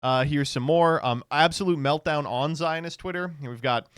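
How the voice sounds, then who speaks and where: A man rants in a sarcastic, profane way on a live stream, trips over his words and restarts often. His voice is smooth and resonant, and it sounds dry and close, with no room echo. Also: a little high, moderate pace, a bit bright. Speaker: streamer and political commentator. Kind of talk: casual live-stream commentary.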